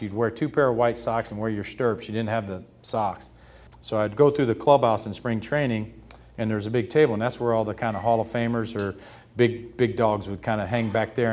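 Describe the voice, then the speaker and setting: Man, fifties, stage interview guest, animated storytelling, acts out voices. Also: fairly low pitch. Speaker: interview guest, retired pitcher.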